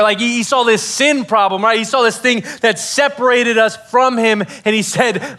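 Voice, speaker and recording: A man's voice: very high voice, steady tone, moderate pace, few pauses, bright, forceful tone. A man preaching a sermon to students in a casual, conversational way, full of fillers and acted-out quotes. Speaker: youth pastor.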